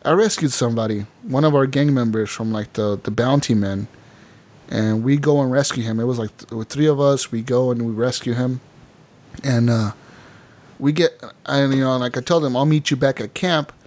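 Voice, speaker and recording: Speaking at a moderate pace in a mid-range voice, this young gaming podcast co-host tells a story with plenty of laughter. He's an animated storyteller who acts out the characters.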